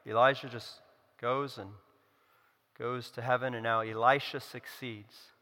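A man's voice: a little high, sharp tone. A man preaching a sermon, retelling a scripture story with sarcastic asides. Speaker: pastor. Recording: long hall reverb.

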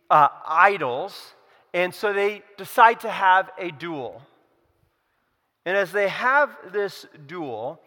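A man's voice: a little high, sharp tone. A man preaching a sermon, retelling a scripture story with sarcastic asides. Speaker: pastor. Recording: long hall reverb.

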